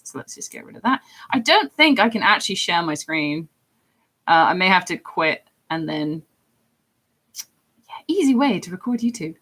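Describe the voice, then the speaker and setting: An English woman in her thirties with a deep voice, chatting casually and ramblingly on a livestream about voice acting. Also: a bit bright. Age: 30s. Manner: rambling and chatty, with frequent fillers and laughs. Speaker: streamer and voice actor.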